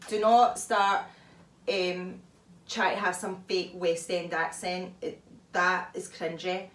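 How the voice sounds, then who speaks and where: A woman vlogger talking through advice in a chatty, animated way, often laughing, recorded at home. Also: fairly low pitch, slow. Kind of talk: casual advice talk. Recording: echoey room, mic far off.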